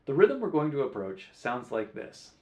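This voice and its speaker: A male guitar teacher walks through rhythms, counting the beats aloud in a clear, patient voice. His pitch moves about a lot as he stresses each syllable. The recording carries a noticeable room echo. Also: wildly swooping pitch, moderate pace, mellow. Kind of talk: music lesson. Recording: roomy echo.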